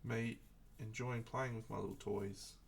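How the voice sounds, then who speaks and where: Male streamer, gravelly voice, casual rambling chat, faint background hiss. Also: mid-range voice, fairly even intonation, a little slow. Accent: Australian. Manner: reflective, rambling, frequent restarts. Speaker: streamer painting miniatures.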